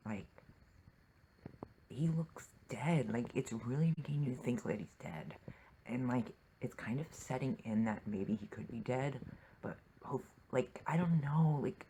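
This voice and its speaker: A man's voice: medium pitch, expressive, normal speed, warm tone, slight background noise, rough recording. Emotional, swearing man reacting to a TV episode. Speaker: TV reaction vlogger.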